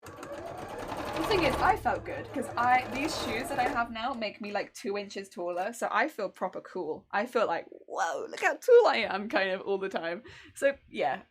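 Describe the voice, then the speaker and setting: A young woman chatting casually on a crafting live stream, telling stories in an animated way and answering chat. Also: a little high, a little slow, husky. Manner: chatty, animated storytelling, reads chat aloud.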